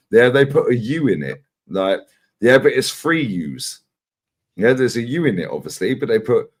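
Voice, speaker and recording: A man with a Cockney London accent chatting in casual live-stream banter, swearing freely and laughing often. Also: on the low side. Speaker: guest.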